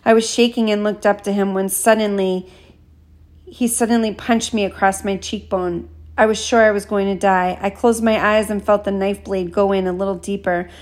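A woman reading an audiobook chapter in a steady, measured first-person narration. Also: medium pitch. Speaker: audiobook reader.

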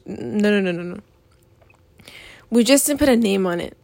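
A woman's voice: medium pitch, normal speed, gravelly, no room sound. A young woman, hosting a podcast in a profane, exasperated rant. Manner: profane, animated, exasperated ranting. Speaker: podcast host. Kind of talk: ranting casual monologue.

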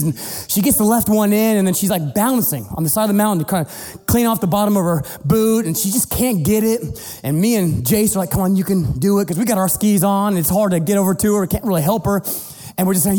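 A middle-aged man preaching as a pastor, telling a family story in an animated, playful way and acting out the voices. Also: sits high, a little fast. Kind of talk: sermon storytelling. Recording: long hall reverb with faint music.

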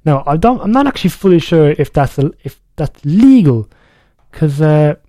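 A man's voice: a little high, sing-song, moderate pace, warm tone, no echo. A young man hosting a music radio show, chatting casually in a rambling way and often correcting himself. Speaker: radio DJ host.

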